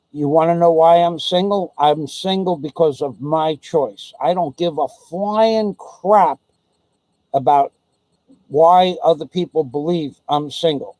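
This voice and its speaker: A man's voice: fairly high pitch, darkish tone, dry recording, rough recording. A man vlogging in an indignant, profane storytelling rant. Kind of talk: ranting monologue.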